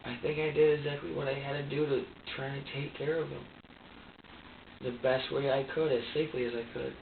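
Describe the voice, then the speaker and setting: A man being questioned as a suspect, telling his side in a halting, repetitive and distressed way. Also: mid-range voice, little pitch movement, gravelly. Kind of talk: emotional account to investigators. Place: interrogation room. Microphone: far room microphone. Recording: distant, echoey, tinny surveillance recording with faint hiss.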